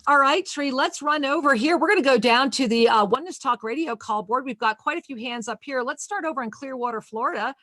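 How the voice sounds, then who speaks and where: A woman's voice: high-pitched, fairly quick, few pauses, bright, forceful tone, no room sound. Effusive spiritual woman radio host. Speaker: host of a spiritual call-in show. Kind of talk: radio call-in talk and blessing.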